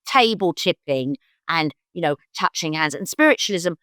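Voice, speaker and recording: An older London woman, a psychic guest, tells stories in a casual chat at normal speed, animatedly acting out other people's voices in bursts of high pitch. The recording is dry and of studio quality.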